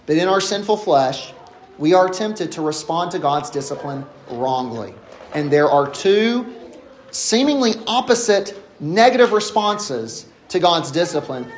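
Preaching an expository sermon with emphasis, a high-voiced man slows his delivery to drive home the key phrases. There is slight background noise.

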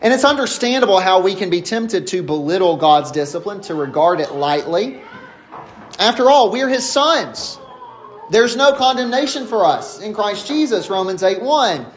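A man with a high-pitched voice delivers an expository sermon. He preaches emphatically and slows down to stress the key phrases. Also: sing-song.

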